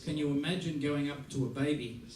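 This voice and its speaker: A man from Australia giving a music masterclass, playful and lively, acting out little scenes as he teaches. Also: on the high side, a little fast. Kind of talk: masterclass talk. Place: large theater hall. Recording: roomy hall from a distance. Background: audience laughter.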